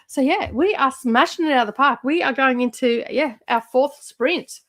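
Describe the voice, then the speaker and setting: A woman's voice: sits high, moderate pace, fairly bright tone. A middle-aged woman, chatting casually as host of a livestream, rambling with lots of fillers and laughs.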